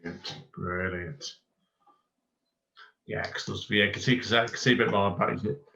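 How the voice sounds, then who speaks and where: A man's voice: lowish voice, fairly even intonation, normal speed, gravelly, sharp tone. A man hosting a podcast, chatting casually and heaping rambling praise on his guest, often restarting his sentences. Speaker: podcast host. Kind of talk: casual interview chat. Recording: dull lo-fi recording.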